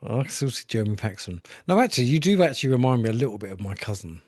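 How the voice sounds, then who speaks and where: A man hosting a casual interview, easygoing, with brief interjections and relaxed questions. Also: mid-range voice, fast talker, no echo, clean studio sound. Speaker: host. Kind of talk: casual chat.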